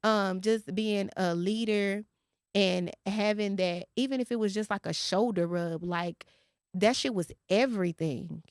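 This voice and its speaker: A woman's voice: medium pitch, unhurried, smooth, no echo, studio quality. Candid, profane woman telling stories. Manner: candid, profane, laughs often, emotional storytelling. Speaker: podcast host. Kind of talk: casual podcast chat.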